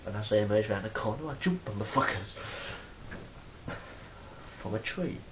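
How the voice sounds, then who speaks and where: Talking to a phone camera, a vlogger with a fairly low, lively voice at normal speed rambles casually through stories, swearing freely. The recording is rough with a little hiss or hum, and he loudly acts out quoted exchanges.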